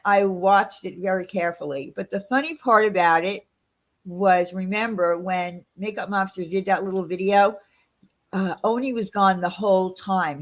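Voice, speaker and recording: A woman hosting a casual livestream, her voice sitting at a mid pitch. She talks in an animated, gossipy way, quick to sound indignant. She often breaks off to sort out her screen share. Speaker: channel host.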